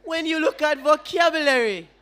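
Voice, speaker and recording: A man's voice: very high-pitched, normal speed, sharp tone. A young man with a Jamaican accent giving a formal debate speech as first opposition speaker, firing rhetorical questions at the audience and opponents.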